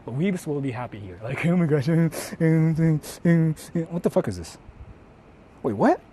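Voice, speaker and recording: A male streamer, out of doors in a city at night, talking in loud, profane, mocking bursts and switching between English and Japanese, recorded on a handheld mic while he walks. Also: a little high, expressive, moderate pace, slight background noise. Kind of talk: casual live-stream chatter.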